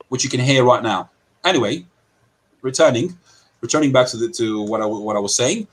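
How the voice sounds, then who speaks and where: A man from Britain, a guest on an online panel, talking fast and aggrieved with frequent halting restarts. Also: medium pitch, animated, poor audio.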